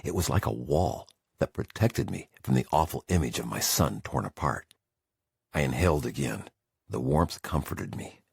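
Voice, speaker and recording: A man's voice: extremely low pitch, expressive, moderate pace, vocal fry, breathy edge, no room sound, studio quality. A man narrating a memoir audiobook in the first person with intense, emotional storytelling.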